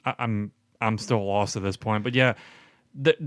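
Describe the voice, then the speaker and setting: A man's voice: on the low side, steady tone, normal speed, no echo, clean studio sound. A man co-hosting a podcast, chatting casually about a film with wry, sarcastic quips. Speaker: podcast co-host. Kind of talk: casual movie recap chat.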